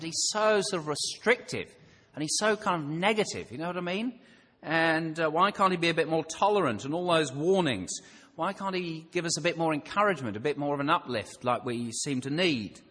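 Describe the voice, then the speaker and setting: A man's voice: on the high side, expressive, a little fast, a bit bright. Man preaching in a reverberant hall. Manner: conversational, thinking aloud with rhetorical questions. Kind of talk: sermon.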